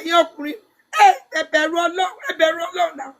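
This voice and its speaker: A middle-aged woman with a strikingly high voice hosts a heartfelt talk show. She pleads with impassioned, tearful intensity, switching between Yoruba and English. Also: little pitch movement, racing, a bit bright. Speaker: host. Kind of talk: emotional talk-show chat.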